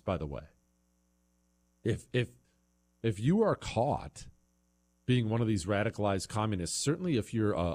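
Heated animated male talk-radio host. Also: on the low side. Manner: heated, emphatic ranting. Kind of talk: political talk radio monologue.

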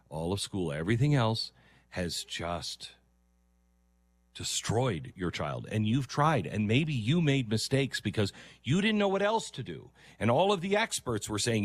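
A man's voice: medium pitch, fairly bright tone, no room sound. A middle-aged man commenting earnestly on a video, lecturing and sometimes mocking with impressions. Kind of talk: reaction commentary.

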